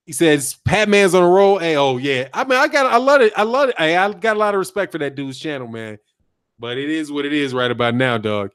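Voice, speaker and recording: Animated high-voiced man ranting on a live stream. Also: brisk, smooth, no room sound, clean studio sound. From United States. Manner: animated, slangy, laughs often, repeats himself. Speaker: boxing channel host. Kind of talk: live-stream commentary reading chat.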